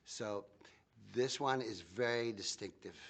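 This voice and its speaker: An older man, an actor being interviewed, talking in an excitable, rambling way full of restarts. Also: lowish voice, measured pace. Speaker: actor interviewed about a film. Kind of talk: casual interview.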